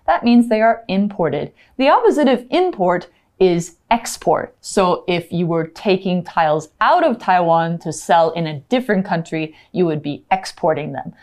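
A woman's voice: on the low side, darkish tone. Woman teacher chatting thru english vocab w examples, voice goes up and down a lot. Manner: explains words with casual examples. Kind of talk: radio English lesson.

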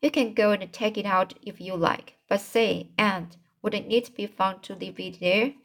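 A woman's voice: mid-range voice, fairly even intonation, a little slow. A woman voicing a mischievous small boy who confides and pleads in a storybook reading. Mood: sheepish.

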